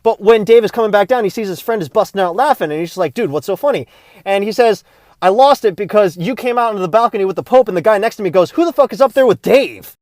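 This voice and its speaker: A man telling a long joke in a casual, animated way, changing his voice for each character. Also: sits high, fast, no echo, clean studio sound. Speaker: joke teller.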